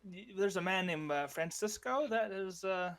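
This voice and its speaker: A man's voice: high voice, a bit bright, pitched above the performer's own voice. A man voicing a nervous male servant who stammers and hesitates as he reports to his master. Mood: flustered. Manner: halting, stammering.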